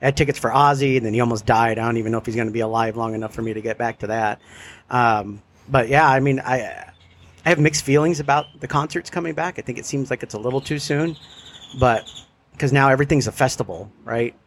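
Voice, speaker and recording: A man's voice: mid-range voice, quick pace. An easygoing man chatting casually with a friend. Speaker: conversation partner. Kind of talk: casual chat. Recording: faint background noise.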